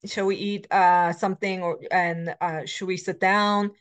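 A woman's voice: on the low side, little pitch movement, unhurried. A middle-aged woman giving a recorded lecture as a language instructor, explaining grammar patterns with many fillers and self-corrections, reading example words aloud between her explanations. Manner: switches between English and Korean examples.

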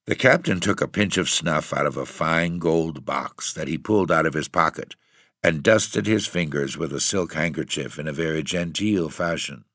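Deep creaky male storyteller. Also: no room sound, studio quality. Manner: steady, measured storytelling. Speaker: audiobook reader. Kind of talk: storybook reading.

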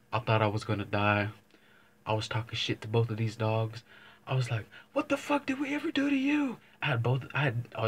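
A man's voice: lowish voice, slight background noise. A young man vlogging, telling a casual story to camera, rambling and swearing, often circling back with "but anyways.". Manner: rambling, profane, keeps saying "but anyways".

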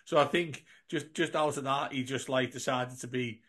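An animated man co-hosting a football fan podcast, telling stories at a middle pitch. He acts out both sides of each conversation and keeps saying mate. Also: brisk, few pauses. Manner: animated anecdotes, acts out dialogue, says mate a lot. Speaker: podcast co-host. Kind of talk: casual storytelling.

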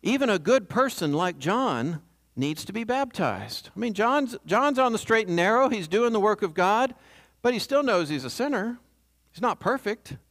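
This man delivers his sermon like a conversation, regularly checking in with a "right?" to the congregation. He has a high, fairly bright voice with big pitch swings and speaks at normal speed.

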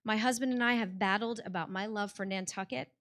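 A woman's voice: mid-range voice, steady tone, brisk, fairly bright tone. An American woman telling a personal story on stage before a live audience, in a heartfelt conversational way with many "like" fillers.

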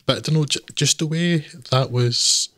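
A man's voice: a little high, moderate pace, bright, forceful tone, dry recording. A man co-hosting a film podcast, giving a blunt, scathing review with frequent laughs.

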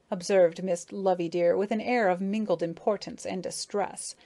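A woman narrating an audiobook of a children's story in a calm, even storytelling manner. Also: on the low side, moderate pace, gravelly, hardly any pauses.

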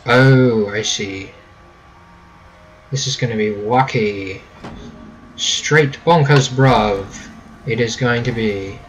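A man's voice: lowish voice, fairly even intonation, slow pace, long pauses, poor audio. A young American man casually commenting on his gameplay, joking and rambling, with a faint hum behind him. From United States. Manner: joking, rambling, mock-British catchphrases. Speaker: gameplay video host. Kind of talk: casual let's-play commentary.

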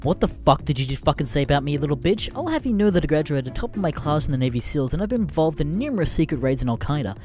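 A man's voice: medium pitch, normal speed, soft background music, lightly acted. A man voicing an angry, tough-talking teenage boy who swears and boasts as he threatens. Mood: menacing.

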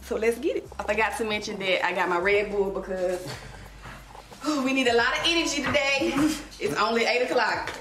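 A woman's voice: on the high side, brisk. A woman vlogging casually to her viewers, chatty and a little out of breath, calling them y'all. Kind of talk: casual vlog talk to camera.

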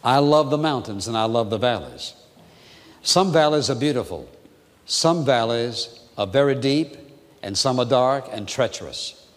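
An American pastor delivers a sermon earnestly and deliberately, repeating phrases and letting key words drop soft and low. His expressive voice sits at an ordinary middle pitch, with a long reverb like a large church sanctuary.

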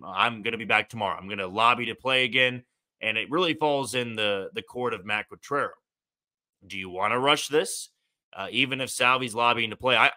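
Podcast host, male, very bright tone, chatty solo commentary with restarts. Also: mid-range voice. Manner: conversational, thinking aloud with fillers and restarts.

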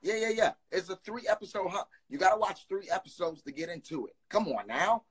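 A young man in his twenties hosting a phone live stream, chatting casually and teasing his callers with quick banter. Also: high voice, animated, a bit bright, slightly rough. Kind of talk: casual live video chat.

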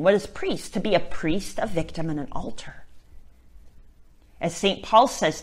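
A woman and Catholic missionary giving an earnest spoken reflection on faith, often checking in with "right?" and moving between emphatic and near-whispered lines. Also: mid-range voice. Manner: earnest, tags points with "right?".

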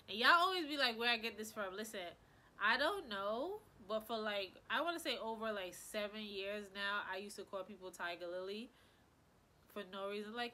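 Woman, stuffy nose, bright tone, rambling, effusive, casual vlog chat. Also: mid-range voice, normal speed. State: stuffy-nosed. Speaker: hair care vlogger.

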